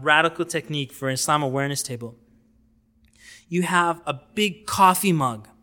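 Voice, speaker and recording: A man giving an informal lecture on outreach techniques, animated and conversational, often acting out little dialogues. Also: a little high. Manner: conversational with fillers and asides.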